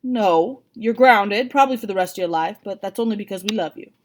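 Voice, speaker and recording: A woman's voice: medium pitch, a little fast, lightly acted. A woman voicing a plainspoken detective uncle who is firm but relieved, in a storybook reading.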